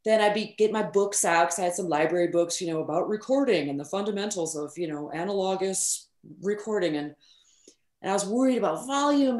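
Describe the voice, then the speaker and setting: A middle-aged woman, a recording engineer, telling stories in a casual interview. She speaks in a frank, animated way, swears casually and uses many fillers. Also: medium pitch, a little fast. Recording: roomy echo.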